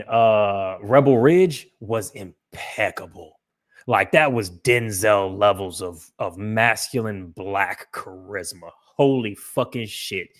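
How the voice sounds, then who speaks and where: A man hosting a livestream podcast, talking casually in a loose, profane, rambling way with frequent restarts. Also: fairly low pitch. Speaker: podcast host.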